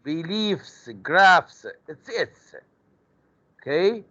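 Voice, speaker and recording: A man's voice: sits high, expressive, very slow, sharp tone, lo-fi sound. A man teaching an English grammar lesson in a classroom, patiently drilling words by repeating them. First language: Arabic.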